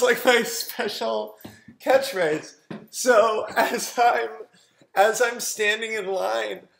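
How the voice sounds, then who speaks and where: A man's voice: sits high, gravelly, a bit bright. A man casually telling a funny story to camera, rambling with many fillers and often laughing. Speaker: vlogger.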